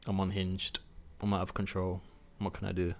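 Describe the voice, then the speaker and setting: A man's voice: low-pitched, completely flat delivery, normal speed. A man hosting a gaming video, giving casual gameplay commentary, chatty and self-mocking as he thinks aloud.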